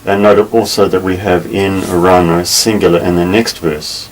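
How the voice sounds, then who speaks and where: Deep voiced guy doing a slow careful bible lesson, bit far from the mic, faint hum behind. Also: steady tone. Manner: measured, careful, with many pauses and fillers. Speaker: Bible teacher. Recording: slightly distant mic with faint ambient noise.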